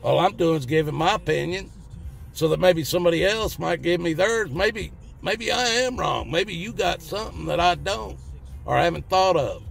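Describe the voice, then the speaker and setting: Ranting his opinions straight to camera, this middle-aged channel host with a Southern US accent is folksy, blunt, and cussing. His voice is fairly high, expressive, and creaky at a normal speed, with a little hiss or hum.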